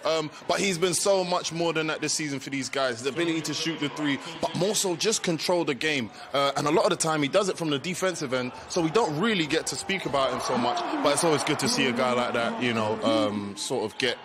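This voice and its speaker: A man giving post-game basketball analysis, chatty and enthusiastic, getting excited over big plays. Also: fairly high pitch, fast talker, hardly any pauses, noisy background. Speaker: basketball pundit.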